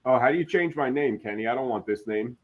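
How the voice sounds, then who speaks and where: A man's voice: medium pitch, animated, fast, phone-quality sound. A man joining a live stream, chiming in with short teasing remarks. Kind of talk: casual live-stream chat.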